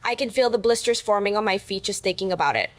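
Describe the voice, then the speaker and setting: A woman's voice: mid-range voice, lively intonation, fast talker, no echo. A woman delivering scripted reaction commentary in a wry, sarcastic manner.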